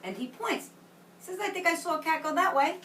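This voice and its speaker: A kindergarten teacher who talks slowly and clearly in an encouraging way. Her voice is bright and lively in pitch. She sounds echoey and set back from the mic. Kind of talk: reading lesson for young children. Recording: echoey room, mic at a distance with faint background hum.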